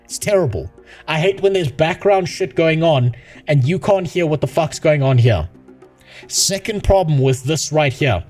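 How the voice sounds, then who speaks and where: A man's voice: fairly high pitch, darkish tone. A man ranting on a live stream about a game, profane and sarcastic. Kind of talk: casual live-stream rant.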